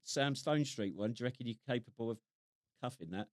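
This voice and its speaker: A man's voice: medium pitch, expressive, a little fast, a little mellow, dry recording, studio quality. A British man co-hosting a military podcast, chatting in a chummy way and laughing along. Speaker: podcast host, ex-serviceman. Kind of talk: casual banter.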